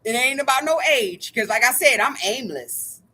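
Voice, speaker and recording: Woman vlogger, high bright voice, furious profane rant that keeps circling back on itself. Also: lively intonation, normal speed, breathy edge. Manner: angry, profane, keeps repeating "like I said". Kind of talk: ranting monologue to camera.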